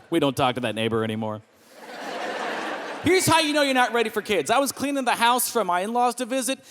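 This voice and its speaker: Stand-up comic, man, thirties, high and very lively voice, big reverberant room. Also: slight background noise. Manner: animated storyteller, jumps into high voices for characters. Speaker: stand-up comedian. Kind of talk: stand-up comedy set. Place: comedy club stage with live audience. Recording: long reverb of a hall.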